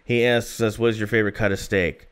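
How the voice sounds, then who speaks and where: A man's voice: lowish voice, level tone, quick pace, fairly bright tone, clear, resonant tone. A man co-hosting a podcast, chatting casually and telling rambling stories with plenty of fillers. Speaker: podcast co-host.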